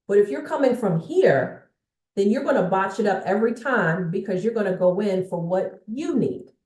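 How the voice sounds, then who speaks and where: A woman's voice: medium pitch, expressive, normal speed, darkish tone. A woman giving a motivational sales coaching talk to viewers, emphatic and often checking in with her audience. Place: indoor room with a bookshelf behind her. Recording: echoey room.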